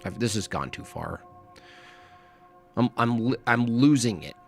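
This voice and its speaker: A man's voice: mid-range voice, lively intonation, takes it slowly, vocal fry, music in the background. A man hosting a casual livestream, coughing and losing his voice, who rambles tiredly with many hesitations. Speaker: livestream host.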